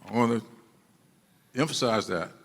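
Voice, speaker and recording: A man's voice: mid-range voice, moderate pace, fairly bright tone. A man giving an emphatic public speech to an audience, repeating key phrases for stress. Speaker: speaker addressing an audience. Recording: long reverb of a hall.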